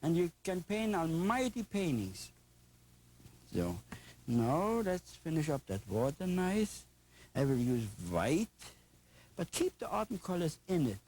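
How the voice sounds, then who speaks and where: A man's voice: fairly high pitch, sing-song, measured pace, darkish tone, slight background noise, poor audio. An older man with a German accent, teaching a painting lesson in an enthusiastic, folksy, chatty way with playful asides. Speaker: painting instructor.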